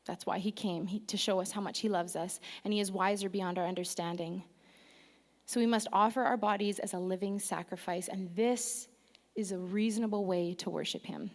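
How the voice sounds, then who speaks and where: A woman preaching a sermon to her church, lively and self-deprecating, joking and calling out to the congregation. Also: medium pitch, normal speed. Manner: lively, self-deprecating humor, engages audience. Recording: long reverb of a large hall.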